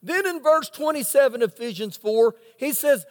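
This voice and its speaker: Man, very high voice, pastor, dramatic storyteller, rhetorical questions, long church reverb. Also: expressive, moderate pace, few pauses. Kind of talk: sermon. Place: church sanctuary.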